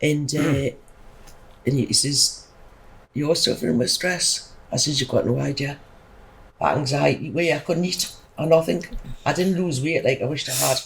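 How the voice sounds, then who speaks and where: A woman's voice: low-pitched, moderate pace, vocal fry, a little hiss or hum, low-quality recording. A middle-aged woman, chatting emphatically as a podcast guest and telling a rambling personal story. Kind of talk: casual storytelling.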